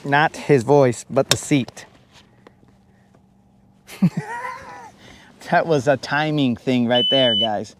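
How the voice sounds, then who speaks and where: Joking, rambling fishing host. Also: male voice, mid-range voice, extremely slow, pauses often, noisy background. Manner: joking, rambling, calls listeners bro. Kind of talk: casual livestream rant. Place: boat on a lake, outdoors.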